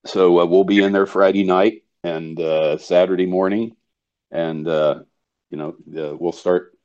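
Man, guest organizer, very deep voice, halting, many fillers, dull lo-fi sound. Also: steady tone, a little mellow. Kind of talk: call-in guest chat.

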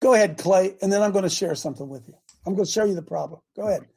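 A man hosting a talk show, ranting with passion, repeating himself and shouting at times. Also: high voice, very fast, gravelly, breathy edge. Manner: impassioned, repetitive, shouting at times. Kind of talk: fiery call-in talk show rant. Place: studio in Ohio.

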